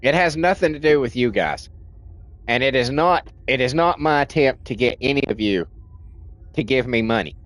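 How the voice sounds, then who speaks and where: A man's voice: medium pitch, expressive, moderate pace, a bit bright, no room sound. A man streaming a game, venting in a rambling rant full of restarts and swearing, and in nicotine withdrawal. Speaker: livestream gamer.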